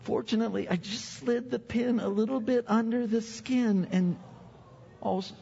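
A man's voice: very high-pitched, fairly even intonation, normal speed, gravelly, mellow. An older man preaching a sermon as pastor, chatty and self-deprecating, often repeating his words. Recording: dull sound with long hall reverb.

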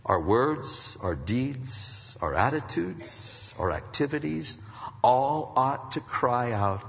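A male pastor preaching a sermon, swinging from soft, low passages to loud, high, emphatic stretches. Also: animated, slow, gravelly. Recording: muffled recording in a reverberant hall.

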